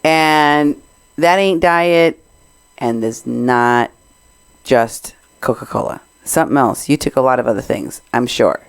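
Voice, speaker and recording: A woman's voice: rumbling low, measured pace, creaky, smooth, no echo. A woman hosting a show, giving casual, mocking commentary on a clip she is playing. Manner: mocking, teasing. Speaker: show host.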